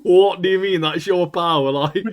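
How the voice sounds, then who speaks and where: A man's voice: sits high, moderate pace, a little hiss or hum. A man co-hosting a podcast, chatting casually and laughing often. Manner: laughing, slangy, says "mate" a lot. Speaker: podcast co-host. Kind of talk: casual chat.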